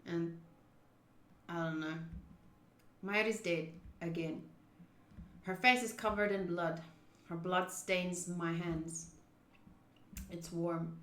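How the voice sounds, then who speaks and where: A woman's voice: fairly low pitch, steady tone, slow pace, pauses often, a bit bright, roomy sound. A woman streaming a visual novel, reading its text aloud and chatting about it between bites of food. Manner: chatty, eats while talking.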